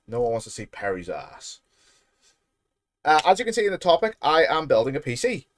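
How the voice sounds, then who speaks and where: A man's voice: on the high side, very animated, a little fast, a little hiss or hum. A British man casually chatting on a live stream while building a PC, rambling and joking at his own expense. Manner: joking, rambling, self-deprecating.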